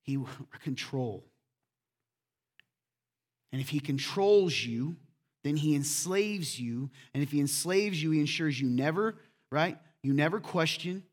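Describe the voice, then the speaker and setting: A man delivering a sermon as pastor, his voice a touch on the high side. He talks to the congregation conversationally and keeps checking in with questions. He moves between loud, emphatic points and soft asides. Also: animated, moderate pace.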